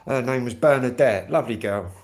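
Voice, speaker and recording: A man's voice: medium pitch, a little fast. Chatty middle-aged man from Kent. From Kent, England. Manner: chatty and rambling, many fillers. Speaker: livestream host. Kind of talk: casual livestream chat with viewers.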